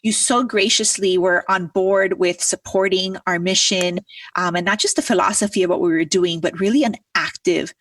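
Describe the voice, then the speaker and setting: A woman hosting a podcast, talking casually and warmly grateful as she retells a story with quoted dialogue. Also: lowish voice, steady tone, moderate pace, no room sound, far from the mic. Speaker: podcast host. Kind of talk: casual conversational interview.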